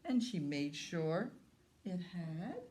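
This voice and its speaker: A woman who is a children's librarian, telling a story to young children at story time in a slow, sing-song way. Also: on the low side, sing-song, mellow.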